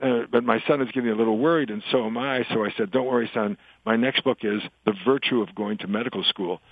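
A man's voice: mid-range voice, fast talker, creaky, a little hiss or hum, low-quality recording. An older man, an author, chatting in an interview and telling jokes like a storyteller. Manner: chatty storyteller, animated in punchlines. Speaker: author and guest.

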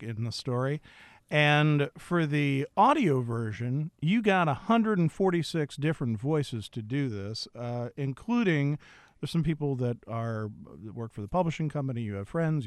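A man hosting a radio book program, asking questions and signing off in a measured, courteous way. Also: mid-range voice, no room sound, studio quality. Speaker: radio book show host. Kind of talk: radio interview and sign-off.

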